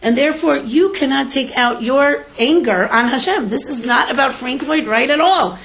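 A woman teacher speaking to an audience of parents, lively and storytelling, often acting out what people say. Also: high-pitched, moderate pace. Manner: animated, tells stories and acts out quotes. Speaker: teacher and school educator giving a talk. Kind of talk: lecture to parents with stories.

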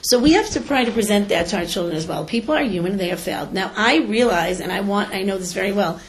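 Animated woman teacher telling stories. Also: mid-range voice, fast talker. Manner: animated, tells stories and acts out quotes. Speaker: teacher and school educator giving a talk. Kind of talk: lecture to parents with stories.

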